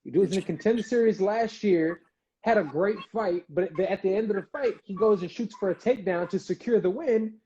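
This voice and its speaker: A man's voice: high-pitched, fairly quick, dark tone, dull audio, a little hiss or hum. A man hosting a casual live-stream interview, talking loosely with slang and repeated words. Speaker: interview host. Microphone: video call.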